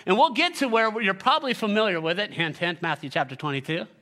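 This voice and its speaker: A male pastor preaching a sermon, animated and joking, with sarcastic asides, reading scripture aloud and leading the congregation. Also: high voice, fast talker.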